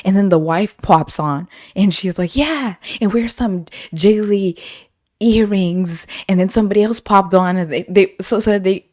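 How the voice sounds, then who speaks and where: A woman's voice: mid-range voice, normal speed, few pauses, no room sound, studio quality. Laughing young woman telling stories. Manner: animated, laughs often, acts out quoted voices. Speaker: podcast host. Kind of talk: casual storytelling.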